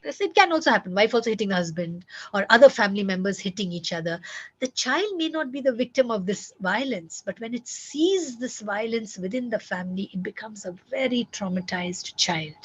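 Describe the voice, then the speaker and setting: A woman's voice: mid-range voice, animated, a little fast, breathy edge. A woman giving earnest, emphatic parenting advice, repeating key words and speaking directly to listeners. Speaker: parenting coach.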